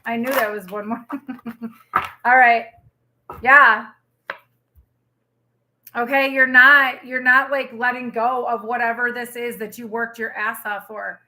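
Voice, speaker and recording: A woman's voice: a little high, noisy background. A young woman giving a live tarot reading, chatty and emotional, rambling with lots of fillers. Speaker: tarot reader.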